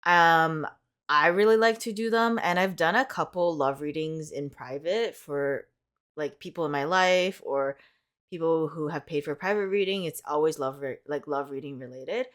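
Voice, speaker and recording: Low-voiced chatty young woman. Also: moderate pace, fairly bright tone. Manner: rambling and upbeat, heavy use of "like" fillers. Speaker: tarot reader. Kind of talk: casual chatty vlog.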